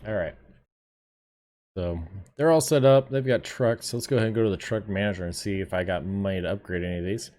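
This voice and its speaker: A fairly low-voiced young man streaming a game. He talks to his viewers in a relaxed, off-the-cuff way and swears casually. His commentary stays loose and unscripted. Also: fast. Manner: chatty, laid-back, swears casually, talks to chat. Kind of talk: casual live gameplay commentary.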